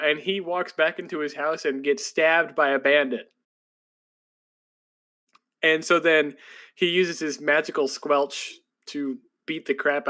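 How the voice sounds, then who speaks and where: A man's voice: on the high side, fairly bright tone. A man co-hosting a podcast, recapping shows in a loose, rambling casual chat full of fillers and restarts. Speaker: podcast co-host.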